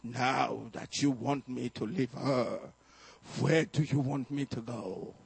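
A man voicing a menacing male demon that speaks through a possessed woman, asking its question slowly and insistently. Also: fairly even intonation, vocal fry, husky, no room sound, full character voice. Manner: slow, low, insistent questioning.

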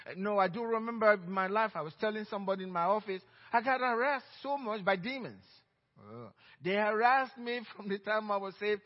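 High-voiced Nigerian pastor preaching. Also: male voice, lively intonation, fairly quick. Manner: emphatic storytelling, swinging between loud and hushed. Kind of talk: sermon. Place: church sanctuary. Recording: dull reverberant church recording.

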